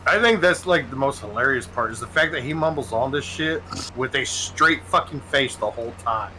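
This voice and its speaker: A man hosting a gaming stream, chatting casually while he plays. He tells stories in an animated way, laughs often and swears freely. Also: medium pitch, normal speed, a little hiss or hum, low-quality recording. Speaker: gaming channel host.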